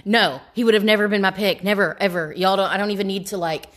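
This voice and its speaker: A woman's voice: mid-range voice, fairly even intonation, fast talker, a bit bright. A young adult woman co-hosting a podcast, talking casually in a rambling, self-interrupting way and laughing often. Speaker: podcast co-host. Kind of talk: casual chat.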